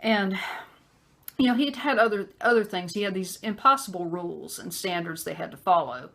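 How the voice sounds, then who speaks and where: A woman telling a personal story in a conversational vlog, with many fillers and pauses. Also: mid-range voice, creaky, fairly bright tone. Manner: acts out a harsh man's voice in quotes. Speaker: vlogger.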